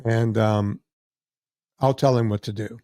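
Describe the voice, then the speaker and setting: A middle-aged man hosting a podcast, telling a lively story and acting out the other people's lines. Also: fairly low pitch, unhurried, dry recording, clean studio sound. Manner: animated storyteller acting out quoted voices. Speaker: podcast host. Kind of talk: casual storytelling chat.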